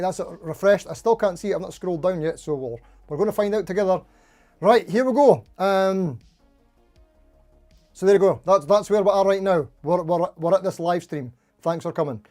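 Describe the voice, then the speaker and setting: Man, livestream host, high voice, chatty, greets viewers by name, faint music behind. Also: dark tone. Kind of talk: casual live-stream chat.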